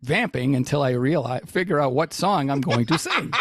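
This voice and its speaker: A man's voice: mid-range voice, animated, normal speed, very noisy, natural voice. A man voicing a stiff, formal male AI chatbot prototype that speaks in robotic phrasing. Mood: deadpan.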